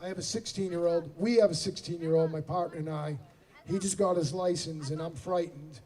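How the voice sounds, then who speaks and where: A Boston-area singer-songwriter in his forties, with the accent to match, cracks self-deprecating jokes between songs on an outdoor amphitheater stage. His voice is fairly high, fairly quick and dark in tone. The sound comes through a distant PA, mixed with music.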